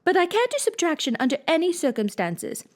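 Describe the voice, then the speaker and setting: A woman reading a storybook plays a feeble, muddled queen who frets and dithers. She talks slowly and anxiously, her voice rising and falling. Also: very high voice, big pitch swings, darkish tone, pitched above the performer's own voice. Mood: fretful. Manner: slow, nervous, anxious.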